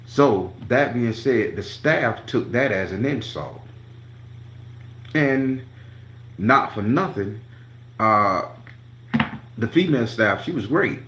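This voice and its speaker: A man's voice: mid-range voice, expressive, takes it slowly, pauses often, a bit bright, reverberant, a little hiss or hum. A man telling a profane story to his channel, acting out each quote with emphasis. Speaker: tarot reader and channel host.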